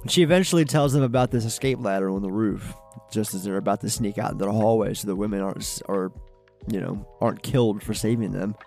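A man co-hosting a podcast, casually recapping a film in a rambling, profane way, with frequent restarts and quick acted-out quotes of the characters. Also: fairly low pitch, vocal fry, darkish tone, faint music behind. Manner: acts out characters' lines in quick quoted bursts. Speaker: podcast co-host. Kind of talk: casual movie recap chat.

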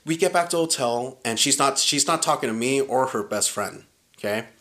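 A man in his thirties casually telling a story in a podcast chat, animated and swearing often, acting out what people said. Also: mid-range voice, a little fast. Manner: animated, profane, acts out quoted lines.

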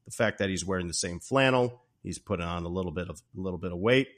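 Male podcast host, lowish voice, lively recap, laughs a lot. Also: fast talker. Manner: animated, laughs often, acts out scenes. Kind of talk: casual movie recap.

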